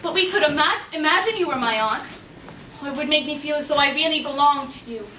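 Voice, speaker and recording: A woman's voice: sits high, fast talker, close to an everyday voice. Anne Shirley, an actress doing a gushing orphan girl. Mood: eager. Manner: gushing, breathless and effusive. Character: eager dreamy orphan girl, talkative and imaginative. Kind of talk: stage play performance. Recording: echoey hall, distant mic, faint noise.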